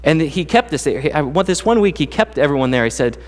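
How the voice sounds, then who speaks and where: A man's voice: a little high, lively intonation, a little fast, few pauses, big-room sound. A man preaching a casual, conversational sermon as the pastor, telling jokey stories from his life. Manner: casual, joking storyteller. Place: church sanctuary.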